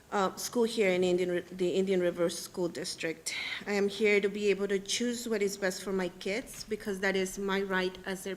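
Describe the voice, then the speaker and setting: A mother stands at the podium of a public meeting room and speaks plainly to the school board. She hesitates often and fills gaps with small pauses, and her voice sits at a middle pitch. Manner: plain, slightly halting, with fillers. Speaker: parent speaking at public comment.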